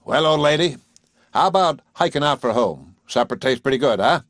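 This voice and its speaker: A man's voice: medium pitch, expressive, normal speed, fairly bright tone, dry recording, clean studio sound, voice pushed up, lightly acted. A man reading an audiobook, voicing an easygoing, practical small-town husband who talks in a folksy, casual way.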